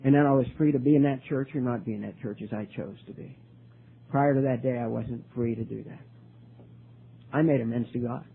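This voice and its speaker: An older man speaking at a recovery meeting, telling his story earnestly, with many halting restarts. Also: medium pitch, fairly even intonation, creaky, slightly rough. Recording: tinny lo-fi recording, faint hiss.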